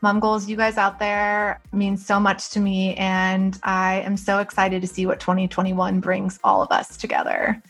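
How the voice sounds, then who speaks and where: A woman's voice: medium pitch, completely flat delivery, normal speed, few pauses, soft background music. Woman co-host, open and heartfelt, mid-range voice, casual confiding chat. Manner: candid, openly emotional, laughs while talking. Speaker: podcast co-host.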